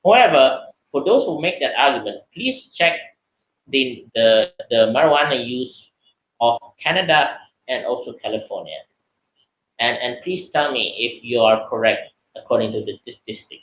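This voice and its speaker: A man with a Malaysian English accent giving a webinar lecture, lively and animated, acting out the voices of people he quotes. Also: normal speed, muffled recording. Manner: lively, acts out quoted voices in high pitch. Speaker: seminar speaker. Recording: echoey room.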